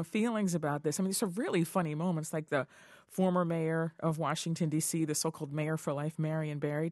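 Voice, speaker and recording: A woman hosting an interview, chatty and quick to laugh as she questions her guest. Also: lowish voice, a little mellow, dry recording, studio quality. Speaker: radio interview host.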